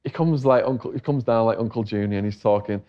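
A man's voice: mid-range voice, fast, lo-fi sound. A middle-aged English man telling a long story in a casual interview, acting out the voices of the people he quotes. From England. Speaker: interview guest.

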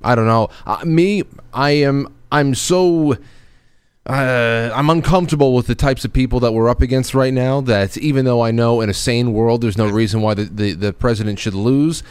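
Man, talk-show host, halting and questioning, smooth voice, dry sound. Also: medium pitch, no echo. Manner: halting, restarts often, questioning. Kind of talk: casual political talk show.

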